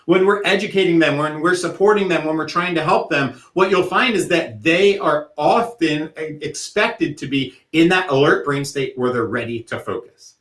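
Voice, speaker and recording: A man presenting an educational workshop, explaining things in a steady way and using vivid analogies. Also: fairly high pitch, normal speed, few pauses. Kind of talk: educational talk. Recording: echoey room.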